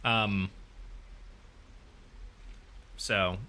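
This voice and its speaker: Bright-voiced man chatting while gaming. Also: lowish voice, steady tone, extremely slow. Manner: rambling, many ums and restarts, reads chat aloud. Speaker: streamer and host. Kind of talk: casual chat while gaming.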